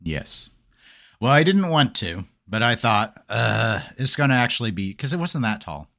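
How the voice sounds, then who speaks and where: A man hosting a podcast in casual chat, an animated storyteller who acts out quotes. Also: mid-range voice, normal speed, gravelly. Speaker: podcast host.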